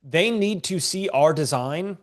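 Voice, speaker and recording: An online business coach who sounds congested leads a live-streamed teaching session, joking and using slang in a loose, informal manner. His voice sits slightly higher than most men's, animated and unhurried, and he speaks straight to his viewers.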